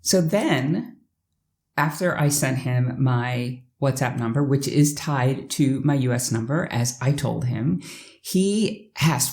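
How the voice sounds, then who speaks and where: A woman's voice: extremely low pitch, animated, slow, a little mellow. A woman who works as a life coach, telling a personal story to the camera in a chatty way with asides to the viewer. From United States.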